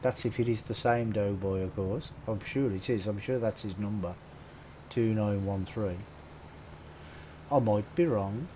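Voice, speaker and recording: A man's voice: on the low side, unhurried, warm tone, slight background noise, rough recording. A man with a Brummie accent giving chatty live-stream commentary while playing, greeting viewers and laughing often. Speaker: game streamer.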